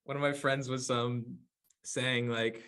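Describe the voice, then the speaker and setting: A man's voice: medium pitch, little pitch movement, measured pace, a bit bright, clear, resonant tone. A young man chatting casually with his friends on a podcast, telling stories and corny jokes, laughing often. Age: young adult. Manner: laughing, corny-joke storyteller, says man a lot. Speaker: podcast co-host. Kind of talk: casual chat among friends.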